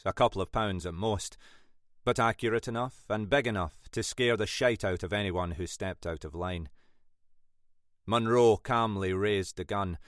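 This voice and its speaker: A man narrating a mystery thriller audiobook in a measured, dramatic storytelling manner. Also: on the low side, dry recording, studio quality. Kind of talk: scripted narration.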